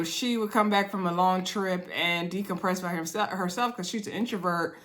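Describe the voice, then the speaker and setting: A chatty woman recaps a reality show straight to her viewers. She talks casually and laughs easily, calling her audience y'all. Her voice sits at a middle pitch, neither high nor low. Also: a bit bright.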